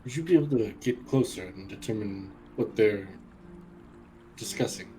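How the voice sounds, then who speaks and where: Male player, in character, formal and measured, low pitch. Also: dark tone, soft background music, poor audio. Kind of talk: in-character tabletop play.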